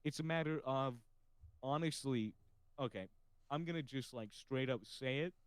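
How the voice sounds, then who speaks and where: A man's voice: mid-range voice, normal speed, clear, resonant tone, no room sound, low-quality recording. A man hosting a casual podcast chat, with a slightly nasal voice, who talks freely, swears casually and laughs often. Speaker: podcast host.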